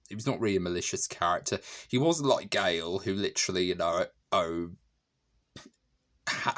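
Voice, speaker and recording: Deep-voiced man gushing over a film. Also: fairly bright tone. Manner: chatty and emotional, frequent fillers and restarts; laughs often while talking. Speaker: film reviewer. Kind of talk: casual movie review monologue.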